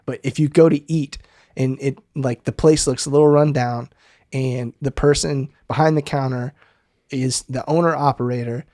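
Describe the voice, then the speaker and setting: A man's voice: mid-range voice, steady tone, normal speed, mellow, dry recording, clean studio sound. A man with a slight Southeast Texas accent, co-hosting a casual chat in a playful, teasing way and laughing often. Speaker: podcast co-host.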